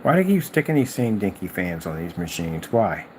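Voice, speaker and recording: A man hosting a gaming video, ranting in exasperated, animated commentary and mocking imagined replies. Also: sits low, a little fast, a little hiss or hum. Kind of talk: ranting commentary over clips.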